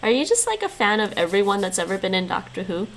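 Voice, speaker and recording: A woman streaming from home talks through a relaxed session, reading her chat aloud and replying with easy laughter. Her mid-pitched voice has a gravelly, fry-tinged texture. A faint hiss sits under the recording. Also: quick pace, low-quality recording. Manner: chatty, answers viewers' chat aloud, laughs often. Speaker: livestreamer learning languages. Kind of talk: casual livestream chat.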